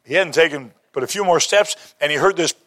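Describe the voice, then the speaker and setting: A man with a fairly bright, somewhat high voice preaches a sermon at a fairly quick pace. He tells stories and quotes scripture, his delivery rising into emphatic bursts.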